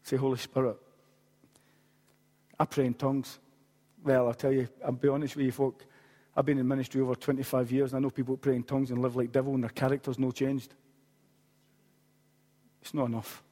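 A man's voice: medium pitch, little pitch movement, a little fast, pauses often, dark tone. A man, preaching a sermon as a pastor and telling a story with humorous asides. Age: late 40s. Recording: long hall reverb.

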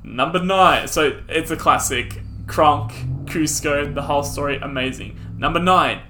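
A man's voice: on the high side, measured pace, over music. A man co-hosting a podcast in casual chat, counting down his favorite films with enthusiasm. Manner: enthusiastic, bursts into laughter and loud silly voices. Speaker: podcast co-host.

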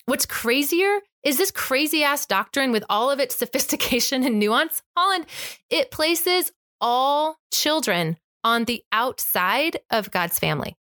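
A woman's voice: sits high, expressive, measured pace, pushed and bright, dry recording, clean studio sound. An emphatic, impassioned woman telling a personal story as a guest in conversation, acting out the exchanges. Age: adult with an eight-year-old child.

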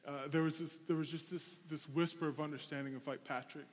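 A man's voice: a little high, little pitch movement, brisk. A young adult man preaching a sermon, telling a personal story in a conversational, candid way. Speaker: pastor. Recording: long hall reverb.

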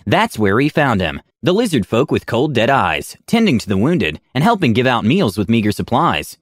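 A man's voice: medium pitch, wildly swooping pitch, normal speed, no echo, clean studio sound. A man narrating a tabletop game story in a dramatic storytelling manner.

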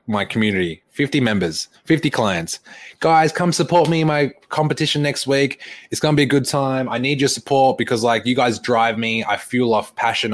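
A young man, a fitness coach, casually retelling a story and acting out the lines of the people in it, with frequent laughs. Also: mid-range voice. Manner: animated retelling, acts out quoted dialogue, laughs often.

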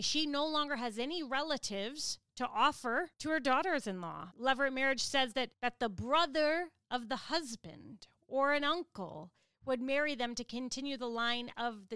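A woman's voice: a little high, fairly bright tone, clean tone, no room sound. A woman giving an earnest, explanatory Bible study lesson. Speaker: Bible teacher.

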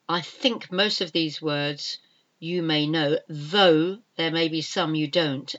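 A woman's voice: sits low, a bit bright. An older woman teaching English spelling, saying each word again and again and spelling it out letter by letter. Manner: slow, careful, repeats each word several times. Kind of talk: spelling lesson, spelling words out letter by letter. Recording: dull lo-fi sound.

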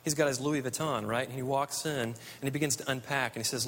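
A man's voice: medium pitch, fairly even intonation, fast, a bit bright. A man from the United States preaching a sermon, telling stories earnestly. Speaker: pastor. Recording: long hall reverb.

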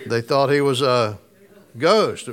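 A man's voice: medium pitch, animated, slow pace. A man preaching a casual, conversational sermon, chuckling often and putting questions to his listeners. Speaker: pastor.

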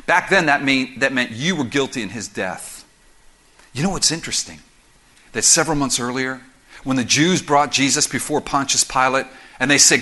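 A man preaching a sermon as pastor, explaining scripture verse by verse in an animated, conversational way with quick asides. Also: medium pitch. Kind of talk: expository sermon.

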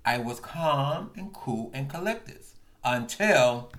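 Bright-voiced man ranting animatedly. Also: mid-range voice, slow pace. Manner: animated, bursts into yelling. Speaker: podcast host. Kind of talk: comedic angry rant.

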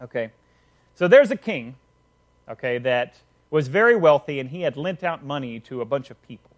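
A man's voice: mid-range voice, animated, normal speed. A man preaching a casual sermon, retelling a parable conversationally with frequent check-ins to listeners.

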